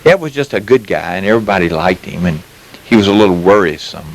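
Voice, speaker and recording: Talking fast and expressively in a low voice, a man in his fifties from Mississippi shares folksy stories with a chuckle as an interview guest. He has a Southern US accent and sounds a little tired. The casual chat takes place at a mobile home sales lot and is roughly recorded.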